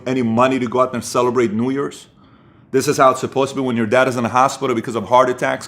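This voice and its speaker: A middle-aged man telling a personal story as a motivational speaker, moving between hushed moments and punchy bursts. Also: mid-range voice.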